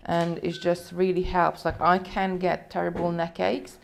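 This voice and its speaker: A woman with a fairly low, level, creaky voice speaks a little slowly over slight background noise. She's hosting a live beading tutorial, chatting casually and talking viewers through each step as she works.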